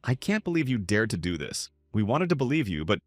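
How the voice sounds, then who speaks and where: A stern ruler of time lecturing a prisoner about behaving, voiced by a man. The voice is low and bends widely in pitch. It sounds dry and close to the mic. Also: sing-song, a little fast, no echo, faint music behind.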